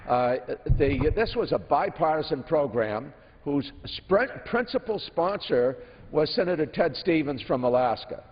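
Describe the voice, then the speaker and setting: A man speaking as a legislator in a formal floor debate, earnest and halting with many filler pauses. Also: on the high side, lively intonation. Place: large legislative chamber. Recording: dull audio in an echoing chamber.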